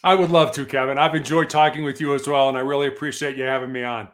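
A man's voice: mid-range voice, flat delivery, fast. A man as an interview guest, telling a story in an earnest, motivational way. He lives in Colorado. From Colorado, USA.

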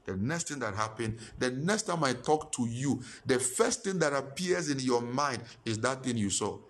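A male pastor, preaching a sermon with impassioned repetition and sudden high-pitched emphasis. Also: expressive, normal speed, a bit bright.

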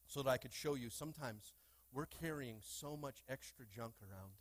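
A man preaching a lively sermon in a church, with call-and-response and playful asides to the congregation. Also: mid-range voice, moderate pace. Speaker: pastor. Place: church sanctuary.

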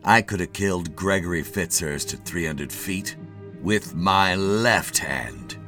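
A man voicing a calm, daring daydream hero who speaks softly and evenly. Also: low-pitched, takes it slowly, faint music behind, exaggerated voice. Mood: cool. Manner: calm, soft, clipped.

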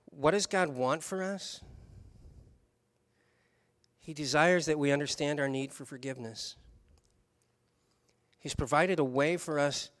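Man preaching with animated storytelling. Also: on the high side. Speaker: pastor. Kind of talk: sermon with personal story.

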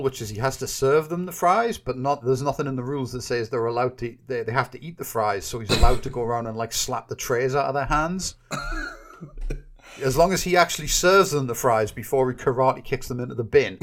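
A man talking in animated, mocking banter, swearing heavily. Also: medium pitch, fairly quick. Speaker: podcast co-host. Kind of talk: casual profane banter.

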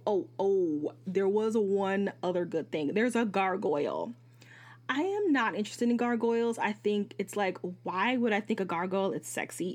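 A woman hosting a podcast, giving a casual, candid book review. She swears freely and often jumps into asides and corrects herself. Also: mid-range voice. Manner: animated, jumps between asides and self-corrections. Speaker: podcast host reviewing books.

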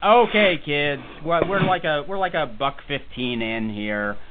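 A man's voice: on the high side, a little slow. Rambling joking man, tinny phone-like sound. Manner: rambling, joking, self-deprecating. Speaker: podcast host. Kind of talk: casual chat. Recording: tinny phone-like audio with faint hiss.

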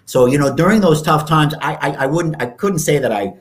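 A man in his fifties appears as a podcast guest, telling stories interview-style and acting out the people he quotes in raised voices. His voice is a little high, expressive and brisk.

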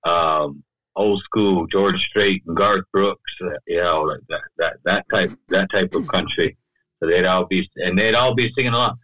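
A man's voice: low-pitched, measured pace, pushed and bright, dry recording, highs cut off. A man, a podcast guest, tells a personal story in loose, talky speech, often leaning on "you know" and "right?". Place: podcast studio.

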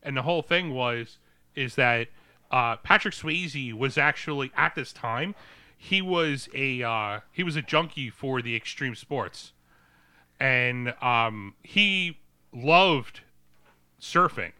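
A man's voice: mid-range voice, expressive, slow pace, sharp tone, clear, resonant tone, dry recording. A man co-hosting a casual movie podcast, rambling with fillers and restarts. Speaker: podcast co-host.

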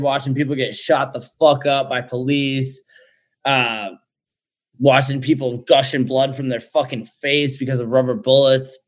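A young man telling a story in casual chat, swearing a lot and talking in an animated way. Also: medium pitch. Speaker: guest.

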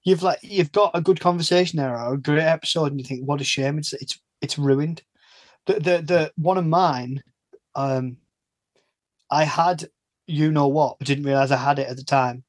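A man's voice: on the high side, moderate pace, no echo. A man chatting casually as a podcast host, laughing often and restarting his sentences. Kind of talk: casual chat.

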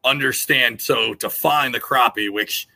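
A man's voice: medium pitch, a little slow, creaky, sharp tone. A man guesting on a podcast, chatting casually and loosely about his fishing, full of restarts and fillers. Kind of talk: casual chat.

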